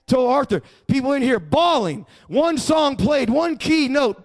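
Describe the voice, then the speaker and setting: A man's voice: extremely high pitch, lively intonation, measured pace, few pauses. A man preaching a sermon emphatically as a pastor, often calling on the congregation to repeat phrases back. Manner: emphatic preaching with call-and-response prompts.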